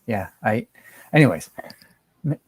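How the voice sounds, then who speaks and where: A man's voice: lowish voice, lively intonation, measured pace, breathy edge, dry recording. A man in casual chat as a guest, rambling with frequent laughs and restarts, over a video call. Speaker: guest comic art collector.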